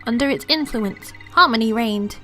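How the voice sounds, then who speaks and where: A woman's voice: a little high, normal speed, sharp tone, faint music behind. A woman voicing an elderly retired protector, reading game dialogue with grave storytelling and calling the listener dear. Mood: solemn.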